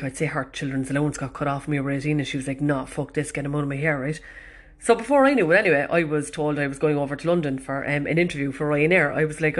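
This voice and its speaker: A woman from Ireland with a Cork accent, hosting a podcast and telling stories in a chatty, self-mocking way that is full of swearing. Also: deep voice. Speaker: podcast host. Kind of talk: casual storytelling monologue.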